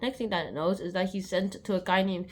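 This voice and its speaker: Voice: mid-range voice, a little fast. A young speaker casually summarizing a novel on their channel, rambling with many restarts and acting out scenes. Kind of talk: casual spoken book summary.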